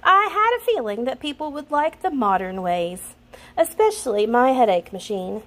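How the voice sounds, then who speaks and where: A proud, businesslike modern witch in a storybook, as a woman reads her, giving brisk orders. The voice is high with lively movement. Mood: bossy. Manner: brisk, instructing.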